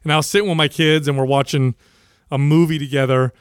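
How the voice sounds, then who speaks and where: Smooth, slightly high-voiced man. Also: fairly even intonation, quick pace, no room sound, studio quality. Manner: storytelling, laughs often, trails off and restarts. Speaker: podcast co-host and father. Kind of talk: casual podcast chat.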